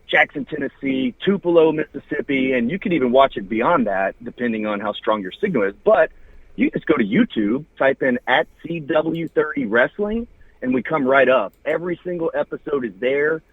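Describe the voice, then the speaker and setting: Husky Southern man on a tinny line. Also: mid-range voice, no echo. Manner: promotional, rattles off names and details. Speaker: wrestling TV host and announcer. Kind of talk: casual podcast chat. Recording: dry, husky, phone-like line.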